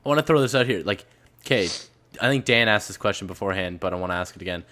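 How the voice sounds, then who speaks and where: Low-voiced, laid-back male podcast co-host. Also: fast, pushed and bright. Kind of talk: casual gaming podcast chat.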